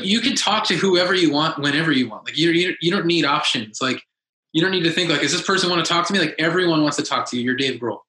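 A man telling a story in casual chat, lively and acting out the quotes of others in a raised voice. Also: a little high. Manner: animated, acts out quotes in a raised voice. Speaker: podcast guest, musician. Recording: echoey room.

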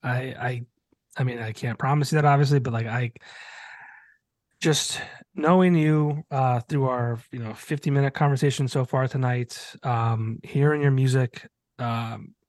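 A man's voice: medium pitch, steady tone, measured pace, darkish tone, dry recording. A man hosting a podcast, encouraging his guest and often restarting his sentences. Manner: hesitant, many restarts, encouraging. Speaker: podcast host. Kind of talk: casual podcast interview.

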